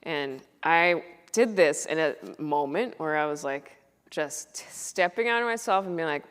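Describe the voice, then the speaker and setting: A woman comedian in her thirties chatting onstage and telling stories, acting out quoted lines in a bright, excited voice. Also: measured pace, clean tone. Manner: animated storyteller, acts out quotes with bursts of high excited voice. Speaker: comedian and guest. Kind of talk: casual onstage conversation. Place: stage in an auditorium. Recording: long hall reverb.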